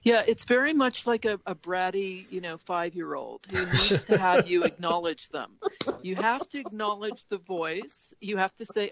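A woman in casual podcast chat about embroidery, animated and laughing often as she acts out inner voices. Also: medium pitch, normal speed, dull audio.

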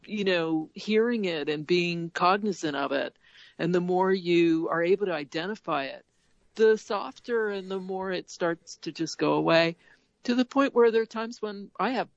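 Woman, casual chat, animated, laughs often, dry lo-fi sound. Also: on the low side, vocal fry, no room sound. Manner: animated, laughs often, acts out inner voices.

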